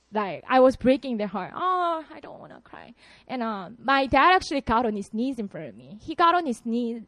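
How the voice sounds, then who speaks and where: A young woman from South Korea, giving an animated personal testimony and laughing often. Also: on the high side, no echo.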